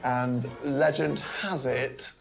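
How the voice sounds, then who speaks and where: A drunk man telling a history story in a rambling, deadpan way. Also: mid-range voice, takes it slowly, creaky, soft background music. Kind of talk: drunken comic retelling of history.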